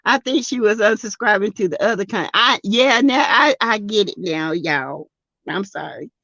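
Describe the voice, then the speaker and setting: A woman's voice: mid-range voice, expressive, normal speed, bright, forceful tone, dry recording, lo-fi sound. A Southern US woman hosting a casual livestream, reading viewer comments aloud and laughing often. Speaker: livestream host reading chat. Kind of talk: casual live chat.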